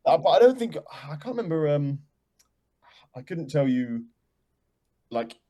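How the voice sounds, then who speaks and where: A man's voice: a little high, very animated, a little slow, warm tone. A band member being interviewed, a man who chats casually, rambles, cuts himself off mid-sentence and laughs often.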